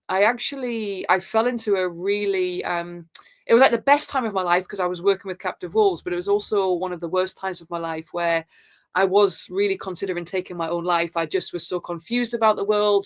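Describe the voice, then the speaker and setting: A woman, a podcast guest, telling personal stories in an earnest, spiritual way with halting restarts and fillers. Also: fairly low pitch. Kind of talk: reflective personal storytelling.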